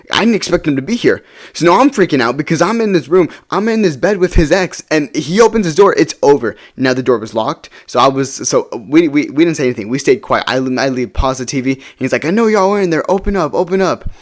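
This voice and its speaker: A young man telling a party story in a casual, rambling way, often tagging on "right?" and swearing offhand. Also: mid-range voice. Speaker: storytime vlogger.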